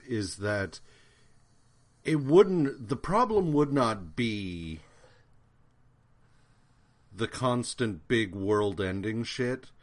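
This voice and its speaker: A man co-hosting a podcast, rambling through a comic book recap in casual, profane chat with lots of fillers. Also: lowish voice. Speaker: podcast co-host.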